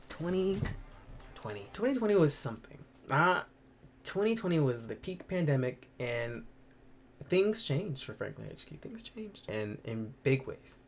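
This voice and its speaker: Brief: young male vlogger, campy and animated, reacting to his old clips, faint hiss behind. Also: mid-range voice, vocal fry. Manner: animated, campy, swears freely. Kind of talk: casual reaction chat.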